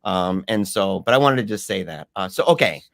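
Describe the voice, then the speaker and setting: A man guest telling a story in casual talk, animated, with many restarts and fillers. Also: low-pitched, brisk, vocal fry, no room sound.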